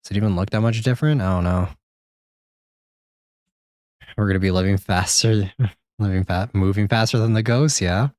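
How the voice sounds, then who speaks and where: A man with a low speaking voice talks his way through a game on a live stream. He rambles, jokes with chat and swears casually, and he jumps into high-pitched exclamations when something surprises him. The sound is dry and close, with no room echo. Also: steady tone, fairly quick, pauses often, a little mellow. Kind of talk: live gameplay commentary.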